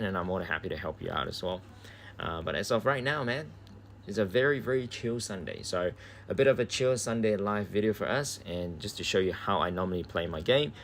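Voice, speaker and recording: A man's voice: lowish voice, slight background noise. An Australian man chatting casually on a live game stream from home, laid-back and swearing freely. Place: indoors at home.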